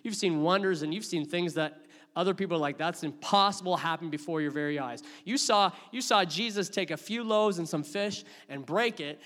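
A man delivers a sermon in a fairly high voice. He tells the story dramatically, rising to loud outbursts and dropping to hushed asides. His voice rings with long reverb, as in a large hall. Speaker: pastor.

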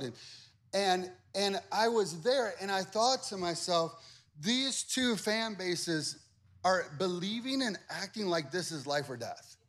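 A high-voiced male pastor preaches in a conversational style, repeating himself with animation. His volume swings from forceful emphasis down to quiet asides.

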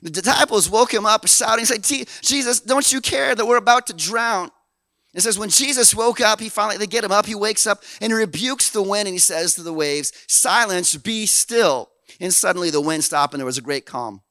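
A man from Canada preaching a sermon in an animated, folksy way, dropping low and then swelling loud. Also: a little fast, no room sound. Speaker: pastor.

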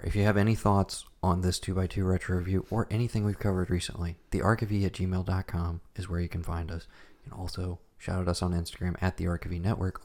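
A man's voice: low-pitched, darkish tone. A man co-hosting a podcast from his apartment late at night, rambling loosely and laughing often. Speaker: podcast co-host. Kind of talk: casual late-night chat. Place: home apartment.

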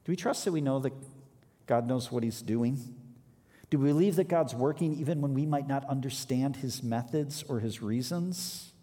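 A man's voice: medium pitch, moderate pace, warm tone. Male pastor, mid-range voice, preaches and reads scripture with rising emphasis, captured in a reverberant hall. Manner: reads scripture aloud, then explains with emphatic rises. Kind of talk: sermon.

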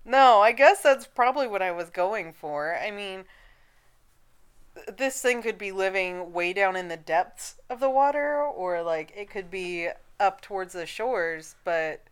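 A woman co-hosting a casual podcast chat, giggly and laughing often, audibly high. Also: animated, a little slow, clear, resonant tone. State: high on cannabis. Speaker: podcast co-host.

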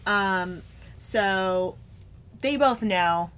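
A woman co-hosting a casual podcast, retelling a film scene with animated quotes and laughter. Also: medium pitch, extremely slow, clear, resonant tone. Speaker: podcast co-host recapping a film. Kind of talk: casual chat.

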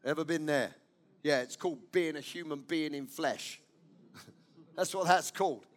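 Preaching from the pulpit in a notably high voice, a pastor delivers his sermon unhurriedly and with emphasis. He repeats his key lines and puts direct questions to the congregation.

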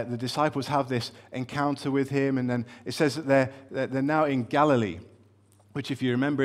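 A man preaching a sermon in a conversational, storytelling way, with light humor and frequent fillers and restarts. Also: medium pitch.

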